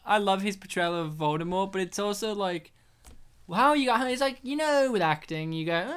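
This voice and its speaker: A woman's voice: medium pitch, big pitch swings, moderate pace, smooth. A woman co-hosting a casual movie commentary chat, playful and joking, laughing often. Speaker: podcast co-host.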